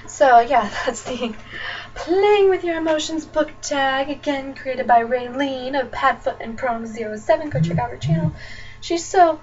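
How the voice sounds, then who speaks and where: In a casual chat, a young female book vlogger from Nebraska, USA, rants in a chatty manner full of fillers. Her voice is high-pitched and a little mellow, and the webcam audio is distant and dull with faint noise.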